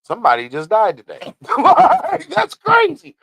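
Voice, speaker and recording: Gravelly, animated podcast co-host. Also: male voice, fairly high pitch, moderate pace, no echo. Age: adult parent. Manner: loud, laughing, swearing, animated. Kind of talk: casual chat.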